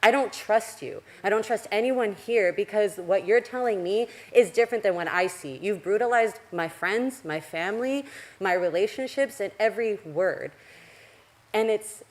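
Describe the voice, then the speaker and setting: A woman's voice: mid-range voice, moderate pace. Angry, cursing woman at public comment. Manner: angry, blunt, profane. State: agitated, heart racing. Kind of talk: public comment at a council meeting. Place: council chamber.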